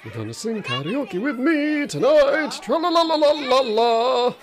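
A man voicing a cheeky, excitable male bear in a comic voice-over, teasing, rude and prone to sing-song tra-la-las. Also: very high-pitched, takes it slowly, creaky, some chatter behind, pitched above the performer's own voice, exaggerated voice. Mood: giddy. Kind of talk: comic voice-over of animal footage.

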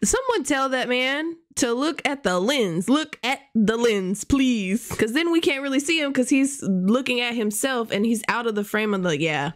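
Lively woman reacting to a video. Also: fairly high pitch, normal speed, hardly any pauses. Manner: laughs and exclaims often, talks back at the video. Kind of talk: casual reaction commentary.

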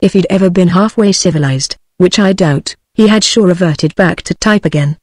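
British tts lady reading an audiobook, flat machine delivery, dry close sound. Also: lowish voice, moderate pace, few pauses, dry recording. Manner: even synthetic reading, same voice for every character. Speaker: narrator. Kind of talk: text-to-speech audiobook reading.

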